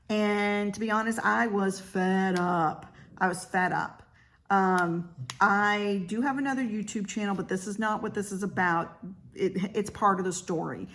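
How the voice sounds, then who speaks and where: Chatty woman in her fifties. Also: mid-range voice. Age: 50s. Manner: chatty, candid, frequent "um" fillers. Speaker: vlogger; realtor. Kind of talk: casual personal vlog.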